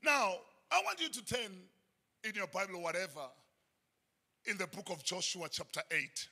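South African pastor, husky high voice, very bright, hall reverb; shouts often. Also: male voice, very animated, normal speed. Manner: preaching with frequent shouted high bursts. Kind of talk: sermon. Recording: long church hall reverb.

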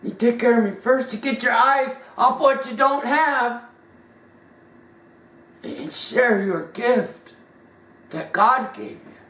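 A woman's voice: a little high, takes it slowly, long pauses, fairly bright tone. A woman voicing a male prophet who gives firm instructions, in an echoey room with the mic far off. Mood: urging.

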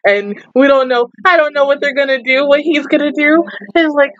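A woman reacting to and reviewing an anime in casual, expressive chat, swearing and breaking into loud outbursts. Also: high voice, fairly quick, no room sound, dull audio.

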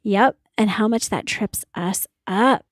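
A woman's voice: mid-range voice, takes it slowly, no echo. A woman on a podcast reacts thoughtfully, affirming what she heard and feeling her way toward her point. Her voice sits mid-range. The recording is close and dry. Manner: thoughtful, affirming, searching for words. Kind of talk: conversational podcast talk.

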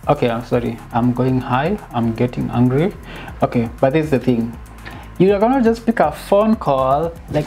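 A woman giving a casual, animated film critique, dropping in bits of Swahili slang and sounding exasperated. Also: sits low, fairly quick, soft background music. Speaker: film reviewer.

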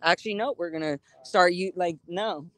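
A woman's voice: on the low side, normal speed, dry recording. Woman, livestreamer, casual rambling chat, outdoors, dry sound. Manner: rambling, swears freely, animated. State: hot and sweating. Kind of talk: casual live-stream chat. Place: outdoors on a city street.

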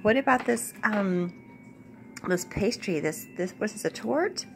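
A woman's voice: mid-range voice, expressive, unhurried, vocal fry, faint music behind. A middle-aged woman, a mother playing a pretend tea party with her child, talking in a gushing, playfully formal and polite way.

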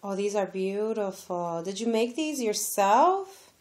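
A woman's voice: medium pitch, expressive, unhurried, darkish tone. A woman vlogging as she opens a gift, gushing and exclaiming over each item in a casual chat. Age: adult, has a daughter. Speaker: crafting vlogger opening a gift.

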